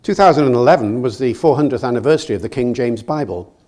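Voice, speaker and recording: An older man from Britain delivers a public lecture in a hall. His pitch sits in a middle range, and his delivery stays lively and self-mocking, with anecdotes and a ready chuckle. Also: fast. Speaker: guest lecturer.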